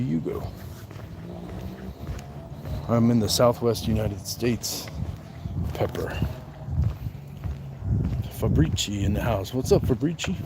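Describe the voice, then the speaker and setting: A man hosting a casual livestream on a night walk, greeting viewers by name and answering their comments in a relaxed way. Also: medium pitch, noisy background. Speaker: livestream host.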